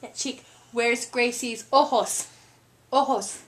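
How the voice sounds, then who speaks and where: A woman's voice: a little high, fairly even intonation, takes it slowly. A mother talking in playful, coaxing baby talk with her toddler, often laughing. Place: family home.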